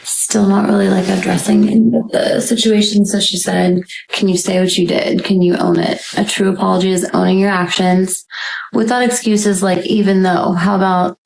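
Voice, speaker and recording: Gravelly-voiced woman, casual stream guest. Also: mid-range voice, little pitch movement, normal speed, darkish tone, rough recording. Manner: reads messages aloud with frequent "like" and "um" asides. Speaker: guest sharing screenshots. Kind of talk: casual live-stream talk.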